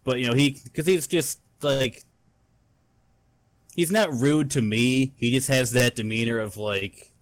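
A man's voice: medium pitch, slow, long pauses, no room sound. A young man co-hosting a podcast, telling a rambling story full of swearing in casual chat. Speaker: podcast co-host.

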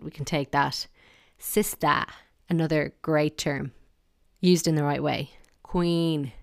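Irish woman with a low smooth voice, chatty and opinionated, dry close sound. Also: no echo. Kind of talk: casual monologue.

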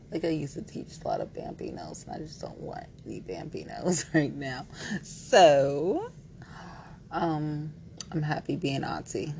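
Low, gravelly woman chatting playfully. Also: darkish tone, slight background noise, poor audio. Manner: rambling, playful and frank, heavy use of "like". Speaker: vlogger. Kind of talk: candid casual chat to camera.

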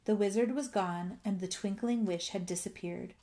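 A woman reading a children's storybook aloud in a gentle storytelling manner. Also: medium pitch, moderate pace. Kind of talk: scripted narration.

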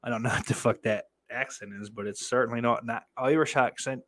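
A man's voice: mid-range voice, fairly even intonation, fairly quick, a bit bright. A man from the United States chats loosely on his livestream, swearing freely and trailing off into fillers. He swings into mock outbursts at his viewers, then drifts back to an easy, rambling tone. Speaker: livestream host reading chat. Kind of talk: casual livestream chat.

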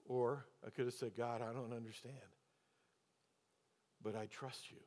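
A man's voice: medium pitch, fairly even intonation, unhurried, darkish tone. A man preaching as a pastor, telling a personal story and then pressing the congregation with rhetorical questions. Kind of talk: sermon. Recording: long hall reverb.

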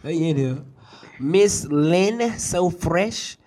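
High-voiced Southern man telling crude stories. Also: very slow. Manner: crude, animated storytelling with acted-out quotes. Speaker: podcast co-host. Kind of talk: casual comedic chat.

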